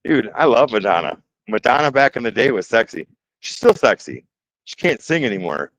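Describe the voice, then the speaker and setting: This Detroit-area man has a mid-range, sing-song voice, a bit bright, at a normal speed. Hosting a laid-back woodworking stream, he's chatty and joking, reading viewer comments out loud and exclaiming nervously. The recording is dry and the audio poor.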